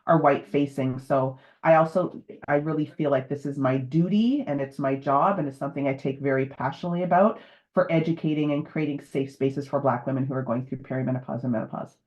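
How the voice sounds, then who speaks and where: A woman's voice: a bass voice, brisk, darkish tone. A woman in her fifties, a menopause educator, speaking candidly and emotionally on a video call. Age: 50s. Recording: dull lo-fi video call audio.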